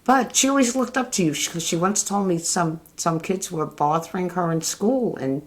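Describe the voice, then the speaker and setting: Older woman fondly reminiscing. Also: on the low side. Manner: fond, halting storytelling with restarts. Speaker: interviewee, mother. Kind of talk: casual family reminiscing.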